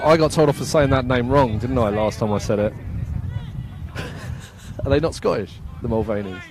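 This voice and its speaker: A man's voice: mid-range voice, background noise. A man from England giving casual, self-mocking live commentary at an outdoor football match, laughing often and reading out viewer comments.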